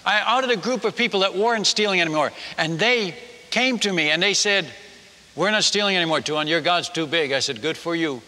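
A man preaching, telling a story in a lively way and acting out the voices of the people in it. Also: high-pitched, a little fast. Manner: animated, acts out villagers' voices. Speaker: missionary storyteller. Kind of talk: sermon storytelling. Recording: echoey hall reverb.

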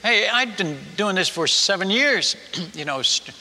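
A man preaching a storytelling sermon as a missionary, halting and self-mocking, often stumbling and repeating his words. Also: sits high, lively intonation, pushed and bright, long reverb tail.

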